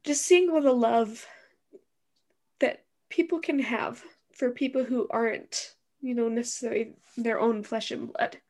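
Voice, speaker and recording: Gravelly-voiced young woman co-host. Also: fairly high pitch, steady tone, a little slow, a little mellow. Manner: tearful, reflective, hesitant. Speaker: podcast co-host. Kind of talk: casual chat.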